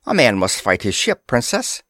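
A man's voice: medium pitch, huge pitch swings, moderate pace, a bit bright, no room sound, studio quality. A man reading a pulp adventure story, voicing the hero commander with clipped commands. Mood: commanding. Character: brisk male airship commander, decisive hero.

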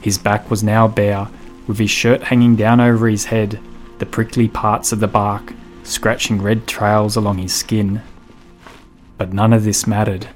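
A man narrating a story in a measured, deliberate way. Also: lowish voice, level tone. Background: music.

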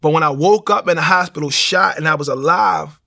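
Gravelly man telling his story. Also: on the high side, a little fast. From Baltimore, USA. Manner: animated street storytelling, acts out the voices. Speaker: speaker giving a testimony. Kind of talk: personal testimony storytelling.

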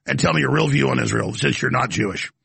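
A man's voice: medium pitch, fast, creaky, fairly bright tone, slightly rough, no room sound. A male talk show host taking calls, blunt and skeptical with the caller. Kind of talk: call-in radio talk.

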